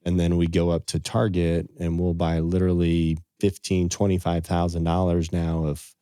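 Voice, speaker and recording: A middle-aged man with a deep, warm, mellow voice tells earnest family stories on a podcast, quoting scripture and old sayings as he goes. He is recorded up close with a dry sound. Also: completely flat delivery, normal speed, clean tone, dry recording. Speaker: financial advisor, podcast guest. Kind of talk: casual storytelling in conversation.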